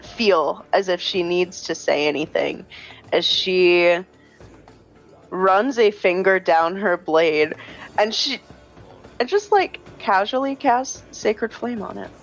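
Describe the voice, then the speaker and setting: A woman's voice: mid-range voice, takes it slowly, soft background music. A woman playing in a tabletop game, describing her character's actions with slight hesitation. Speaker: player. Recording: dull lo-fi mic.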